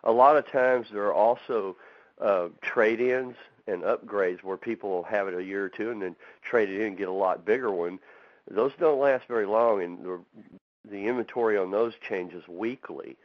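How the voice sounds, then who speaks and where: A man's voice: on the low side, normal speed, dry recording. A man who owns a fab shop and builds barbecue pits, talking in a casual interview as a folksy storyteller. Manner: folksy storyteller, acts out quotes. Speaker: barbecue pit maker and fab shop owner. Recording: dull, lo-fi, dry.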